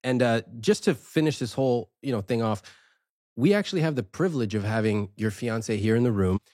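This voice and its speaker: A man's voice: mid-range voice, fairly quick, no room sound, clean studio sound. A man from the United States interviewing a guest, playful and given to bursts of laughter. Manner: playful, giggly, animated. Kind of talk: casual interview. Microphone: studio microphone.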